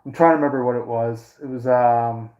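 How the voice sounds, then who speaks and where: A man's voice: mid-range voice, steady tone, a little fast, muffled recording. A man doing a casual astrology reading to his viewers, rambling with many fillers and restarts. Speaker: astrology and tarot reader.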